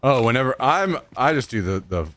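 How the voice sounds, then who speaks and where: A man's voice: mid-range voice, very animated, a little fast, a bit bright, slight background noise. A man from Missouri with a Southern accent, rambling in casual chat while streaming a game. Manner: rambling, drawling, trails off mid-sentence.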